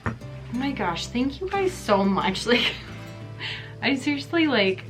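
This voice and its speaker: Woman, excited vlogger, gushing, emotional, fairly high voice, soft music behind. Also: takes it slowly. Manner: gushing, excited, breathy gasps, many fillers. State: emotional, near tears. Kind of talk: casual vlog chat.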